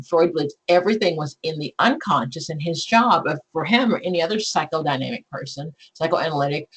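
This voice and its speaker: A woman, teaching an exam prep class in a chatty, animated way. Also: low-pitched, husky, rough recording. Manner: chatty and animated, acts out client scenarios. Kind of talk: live online class lecture.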